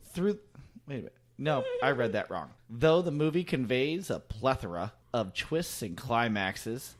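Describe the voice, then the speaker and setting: A man reads a film history script aloud to his friends. He slips into a mock old-time newscaster manner. His pitch sits in the middle range. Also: very animated, a little slow. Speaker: podcast co-host reading the script. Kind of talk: casual podcast chat and reading aloud.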